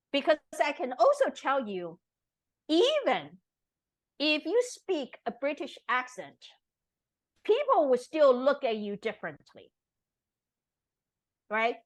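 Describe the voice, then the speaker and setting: A woman's voice: high voice, sing-song, takes it slowly, pauses often, poor audio. A woman from Taiwan, an interview guest, making her points earnestly and emphatically and often checking in with tag questions. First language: Taiwanese Mandarin. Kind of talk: conversational interview.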